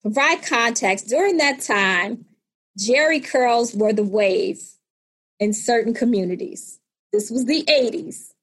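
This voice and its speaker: A woman in her fifties telling a personal story in conversation, animated and acting out the people in it. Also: on the high side, takes it slowly, rough recording. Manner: animated, acts out voices in retold scenes.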